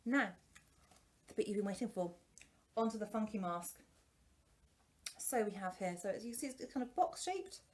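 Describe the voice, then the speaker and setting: Expressive and moderately paced, a singing teacher with a medium-pitched voice pauses often while casually reviewing a product. She speaks through a face mask that slightly muffles her, restarting frequently and joking at her own expense.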